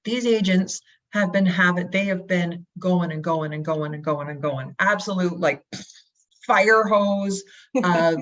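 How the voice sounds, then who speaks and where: Woman, interview guest, lively and persuasive, lowish voice, muffled call audio. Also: a little slow. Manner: energetic, acts out quotes, rhetorical questions. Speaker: real estate brokerage guest. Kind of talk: animated interview talk. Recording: dull lo-fi audio.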